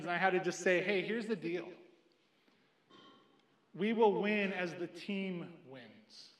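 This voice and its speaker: A young adult man preaching a sermon, telling a personal story in an earnest way and quoting others in lively asides. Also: high-pitched. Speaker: pastor. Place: church sanctuary. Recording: echoey church room.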